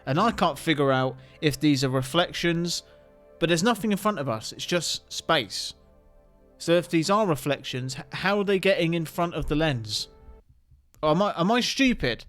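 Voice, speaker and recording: A man hosting a reaction video, talking excitedly with rhetorical questions and stumbling restarts. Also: fairly high pitch, normal speed, soft background music. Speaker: host reacting to viral clips.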